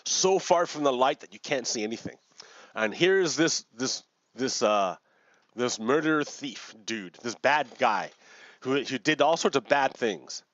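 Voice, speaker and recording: A man, a gaming video host, telling a story in a rambling, halting way with many restarts. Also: medium pitch, lively intonation, fairly bright tone, dry recording. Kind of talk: casual storytelling while playing a game. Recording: dull lo-fi dry recording.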